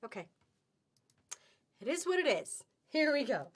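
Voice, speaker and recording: A woman's voice: high-pitched, big pitch swings, unhurried. A middle-aged woman hosting a live fabric sale on webcam, chatty and upbeat with sing-song exclamations. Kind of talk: live-stream selling chat.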